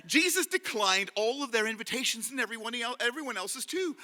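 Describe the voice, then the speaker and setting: A man telling a story live to an audience in a hall, animated and leading them in call-and-response. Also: sits high, a little fast, hardly any pauses.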